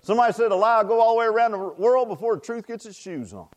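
Man, high-pitched, pastor preaching a sermon, folksy, repeats himself, rhetorical asides. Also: rapid-fire.

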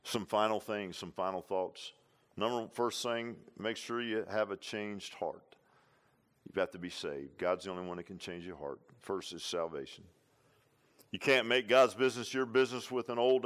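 A man's voice: lowish voice, normal speed, a bit bright. A man preaching a sermon, repeating lines for emphasis and tossing in "huh?" and "amen.". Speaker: pastor.

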